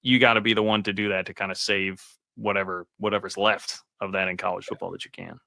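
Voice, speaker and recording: A man's voice: deep voice, fast, gravelly, dry recording. A man hosting a sports podcast, chatting casually about college football with lots of fillers. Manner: relaxed, conversational, many fillers. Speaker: podcast host.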